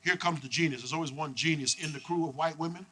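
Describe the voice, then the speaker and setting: A young adult man from Canada doing a stand-up set, telling stories in a brash, profane, animated way. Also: a little high, fast talker, noisy background. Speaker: stand-up comedian.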